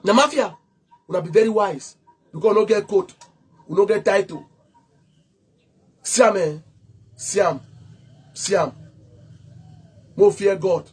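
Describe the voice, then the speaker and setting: A man's voice: high voice, unhurried, pauses often, slightly rough. A man with a Cameroonian Pidgin English accent, an activist speaking straight to the camera in a heated, accusing way, often stuttering on repeated words. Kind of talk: impassioned direct-to-camera talk.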